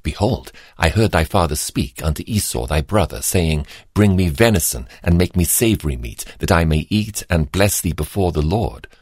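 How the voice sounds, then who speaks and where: A man's voice: sits low, expressive, moderate pace, few pauses, breathy edge, no room sound, studio quality. A man voicing a scheming mother who gives firm, insistent commands to her son. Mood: commanding.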